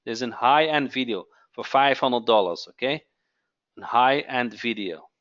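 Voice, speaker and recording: A man hosting a live webinar sales pitch, who keeps asking "okay?" and repeats his phrases. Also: measured pace, fairly bright tone, lo-fi sound. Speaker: webinar host.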